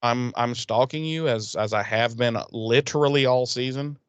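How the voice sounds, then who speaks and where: A man co-hosting a podcast, casually recapping an episode, cursing and acting out characters in quick voices. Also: mid-range voice, smooth, no room sound, dull audio. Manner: profane, animated retelling with quick put-on voices for characters. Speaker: podcast co-host.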